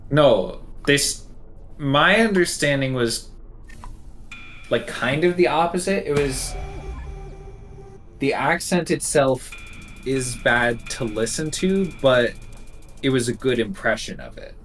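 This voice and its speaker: A man's voice: mid-range voice, lively intonation, takes it slowly, pauses often, fairly bright tone, soft background music. A man streaming a game live, chatting casually and rambling, correcting himself as he goes.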